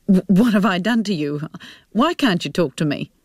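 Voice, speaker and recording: A woman's voice: on the low side, animated, normal speed, slightly rough, no echo, studio quality. A woman voicing a young man, the dead man's son, in a near-plain voice. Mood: puzzled.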